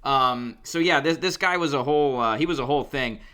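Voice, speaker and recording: A man co-hosting a podcast, chatting in an easygoing, halting way. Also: medium pitch, sharp tone, smooth. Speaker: podcast co-host. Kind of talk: casual chat.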